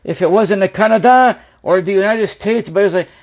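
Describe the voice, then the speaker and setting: A man's voice: high-pitched, quick pace. A man voicing an anxious, rambling male business owner who speaks broken English and swears a lot.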